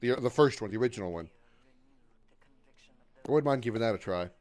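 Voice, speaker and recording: A man in his thirties talks loosely to his stream while he plays. He is sarcastic, swears freely, reads viewers' messages aloud, and yelps loudly when his character is in danger. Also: mid-range voice, animated, brisk. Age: 30s. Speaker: gaming livestreamer. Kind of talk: casual gaming stream chat.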